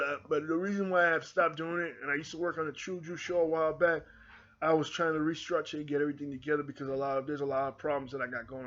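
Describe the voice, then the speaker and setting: A man's voice: a little high, a bit bright. A man with an American accent hosting his own channel, delivering a fervent, repetitive monologue straight to his viewers. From United Kingdom. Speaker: channel host. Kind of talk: impassioned monologue to camera. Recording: dull lo-fi recording.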